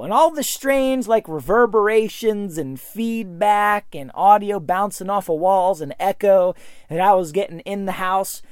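A man's voice: high voice, clear, resonant tone, no echo, studio quality. A man giving a casual, enthusiastic product review, telling stories from his hunts and often repeating words as he goes. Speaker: hunter reviewing hearing protection earbuds.

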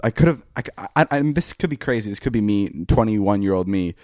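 A young man with a lowish voice tells a story on a podcast in casual chat. He swears freely and acts out every voice in it. The sound is close and dry, with no room around it. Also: fast, dry recording. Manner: profane, animated, acts out quoted dialogue. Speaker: podcast host.

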